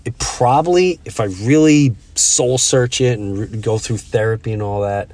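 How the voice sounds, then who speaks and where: A middle-aged man hosts a relaxed podcast chat at an ordinary pitch. He tells his stories in a halting way, stopping and restarting his sentences as he works toward his point. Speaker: podcast host. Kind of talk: casual chat.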